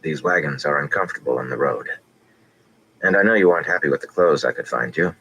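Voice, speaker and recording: A man voicing a guarded young man in an audiobook, speaking low and muttered. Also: fast talker, sharp tone, slight background noise, full character voice, low-quality recording. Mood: smooth.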